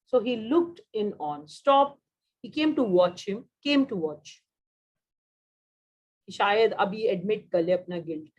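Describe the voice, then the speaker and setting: A woman's voice: medium pitch, animated, darkish tone, highs cut off. A woman with an Indian English accent teaching a vocabulary class, drilling synonyms, praising students and slipping into Hindi. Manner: switches into Hindi mid-sentence, drills words, quick praise.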